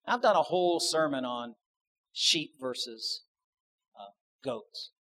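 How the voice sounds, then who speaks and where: A man's voice: medium pitch, animated, takes it slowly, sharp tone. A man preaching a sermon to his congregation, conversational, asking the audience questions and adding joking asides. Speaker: pastor.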